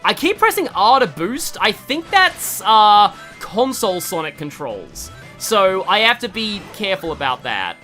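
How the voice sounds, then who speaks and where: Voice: mid-range voice, big pitch swings, a little slow, few pauses, bright, forceful tone, faint music behind. A streamer with an Australian accent giving rambling, casual commentary while playing a game, with many restarts and fillers. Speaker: gaming streamer. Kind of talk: casual let's-play commentary.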